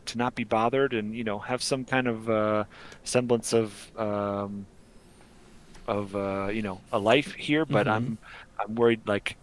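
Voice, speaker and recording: Weary gnome hiding among goblins, played by a man, low voice, halting delivery. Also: natural voice. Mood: worried. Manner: hesitant, rambling with many fillers. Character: gnome posing as goblin chief, weary, fed up.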